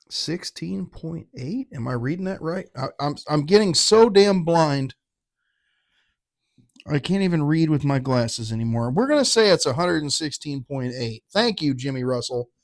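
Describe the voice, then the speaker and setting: A man's voice: fairly high pitch, sing-song, unhurried, long pauses. A middle-aged man giving a casual, rambling and irreverent whiskey tasting review, poking fun at himself. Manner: rambling, irreverent, self-mocking.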